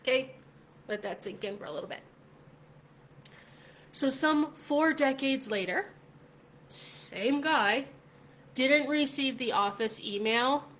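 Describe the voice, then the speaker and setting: Chatty woman vlogger, fairly high voice. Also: a little hiss or hum. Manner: chatty, animated, many "like" fillers. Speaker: vlog host. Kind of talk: casual storytelling vlog.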